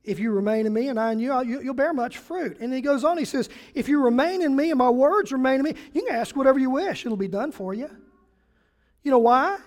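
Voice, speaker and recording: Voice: high voice, quick pace. A pastor preaching a sermon, reading scripture aloud and throwing questions at the congregation. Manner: animated, asks the congregation questions; reads and paraphrases scripture aloud.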